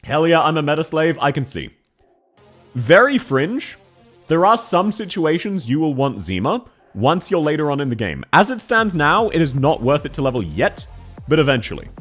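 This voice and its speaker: A man streaming casually and reviewing viewers' game accounts, talking quickly and excitedly as he reacts to chat. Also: on the high side, soft background music.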